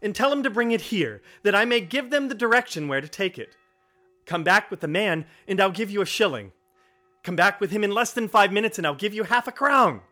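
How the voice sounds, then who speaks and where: A man reading aloud and voicing an elderly miser who has turned giddy and generous, exclaiming with excitement. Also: high-pitched, a little fast, soft background music, pitched above the performer's own voice. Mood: gleeful. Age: older. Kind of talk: storybook reading.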